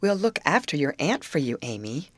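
A woman voicing a gentle, sensible teenage girl. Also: low-pitched, sing-song, normal speed, dry recording.

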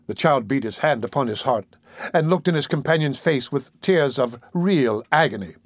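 A man reading a classic novel aloud in a measured, formal storytelling manner. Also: fairly high pitch, dry recording, clean studio sound. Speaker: narrator. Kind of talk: scripted narration of a classic novel.

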